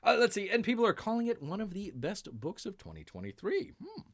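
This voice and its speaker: A man's voice: high voice, huge pitch swings. Rambling man hosting a live stream. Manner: rambling, speaks of himself in the third person; drawn-out "ay, ay, ay" sighs and mumbled asides. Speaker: show host. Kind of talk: live-stream news chat.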